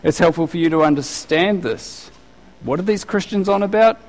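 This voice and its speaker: A man's voice: sits high, normal speed, darkish tone. A middle-aged man preaching a sermon in a conversational way, asking the listeners many rhetorical questions. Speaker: pastor. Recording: long hall reverb.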